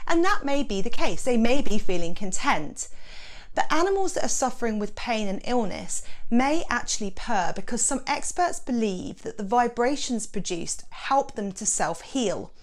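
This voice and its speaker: A woman's voice: on the high side, expressive, moderate pace. A woman, a veterinary expert explaining cat handling in a friendly, practical way. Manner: friendly, practical, reassuring advice. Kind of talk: instructional explaining.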